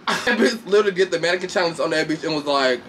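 A man casually recapping a reality show fight with lots of swearing, laughter, and sudden high mocking voices. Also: moderate pace, slight background noise. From Chicago. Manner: animated, profane, laughs often, shifts into high mocking voices. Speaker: commentator reacting to a reality show. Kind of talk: casual chat.

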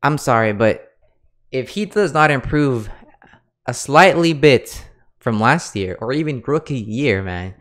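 A man's voice: mid-range voice, lively intonation, a little slow, fairly bright tone. A man giving casual, emphatic sports fan commentary to camera, a bit out of breath, tacking "guys" and "okay?" onto his points. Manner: emphatic, fired-up, says "guys" and "okay?" a lot.

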